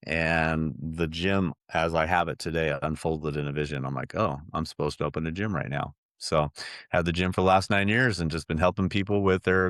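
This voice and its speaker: A middle-aged man with a very low, deep voice tells his story as a podcast guest. He speaks earnestly and rambles a little, restarting sentences often. The recording is close and dry, with no room sound. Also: fairly bright tone, dry recording. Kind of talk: personal storytelling in an interview.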